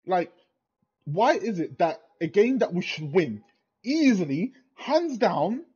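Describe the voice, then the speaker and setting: A man's voice: sits high, sing-song, slow pace, a little mellow, slightly rough, lo-fi sound. A young man in a furious, swear-filled rant after a football match, repeating himself in disbelief. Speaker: football fan vlogger. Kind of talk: angry post-match rant.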